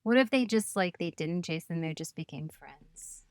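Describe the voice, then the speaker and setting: A woman's voice: fairly low pitch, animated, normal speed, no room sound. Female co-host, playful and laughing storyteller, dry studio sound. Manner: giggly storyteller, playful asides. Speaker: podcast co-host. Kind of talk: casual history chat.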